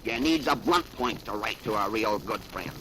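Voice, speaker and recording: A man voicing a gruff little boy from a comic strip while reading aloud on old radio. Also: lowish voice, expressive, moderate pace, sharp tone, rough recording. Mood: childlike. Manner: gruff, childish. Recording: hissy 1930s radio archive recording.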